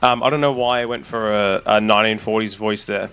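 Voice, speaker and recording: A man, a streamer, chatting casually and excitably with his audience while rambling on. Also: on the low side, a little fast, smooth. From Australia. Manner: excitable, rambling, talks to chat. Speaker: streamer and content creator. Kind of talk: casual live-stream chat.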